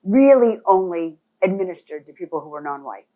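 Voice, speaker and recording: Fairly quick and lowish in voice, a woman leads a real estate boot camp presentation. She talks straight to the people in the room with animated emphasis; the recording has a phone-like thinness.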